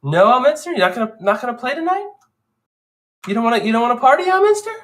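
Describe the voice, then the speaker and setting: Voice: mid-range voice, big pitch swings, quick pace, a bit bright, voice pushed up. A player voicing a theatrical stage-magician adventurer with a showman's flourish. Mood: coaxing.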